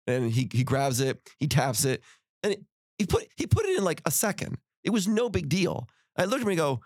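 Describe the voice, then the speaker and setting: A man's voice: a little high, big pitch swings, brisk, dry recording, clean studio sound. A man telling a motivational story on a podcast, speaking with energy and acting out the dialogue in his stories. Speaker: podcast guest and author.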